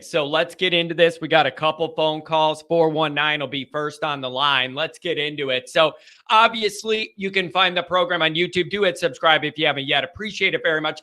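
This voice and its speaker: Excitable, bright-voiced sports call-in host man. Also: a little high. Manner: excitable, yelling and joking. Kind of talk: live sports call-in show.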